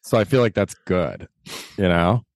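A man's voice: sits low, lively intonation, normal speed, no echo, clean studio sound. Laid-back, playfully boastful male comedian. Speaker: stand-up comedian, podcast guest. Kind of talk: casual chat.

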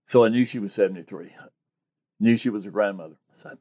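A low-voiced man recounts his cases as a private investigator in a relaxed interview. He tells his stories with energy and acts out the lines of the people in them. His delivery is lively and conversational. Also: fast. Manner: animated storyteller, acts out quotes. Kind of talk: interview storytelling.

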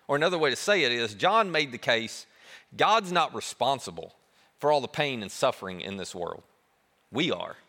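A man preaching a sermon as pastor, animated and emphatic, dropping to a soft hush on key words. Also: medium pitch, normal speed, long reverb tail.

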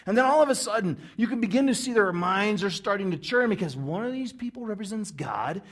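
A man preaching a sermon, telling a story with lively acted-out crowd reactions. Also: sits high, fairly quick. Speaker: pastor.

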